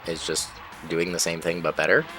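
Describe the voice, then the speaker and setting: Deep-voiced man rambling over gameplay. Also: flat delivery, moderate pace. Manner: rambling, self-interrupting, reacts loudly to crashes. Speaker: gaming channel host. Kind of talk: casual gameplay commentary. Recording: game music behind voice. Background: game music and engine sounds.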